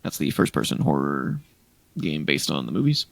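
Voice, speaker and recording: A man's voice: very deep voice, big pitch swings, moderate pace, creaky, no echo. A man co-hosting a gaming podcast in casual chat, rambling through a list of game releases with restarts. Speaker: podcast co-host.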